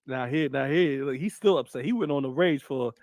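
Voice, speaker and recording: A man commenting casually on a live panel, animated and profane, often acting out quotes. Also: mid-range voice, a little fast, no room sound. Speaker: panel co-host.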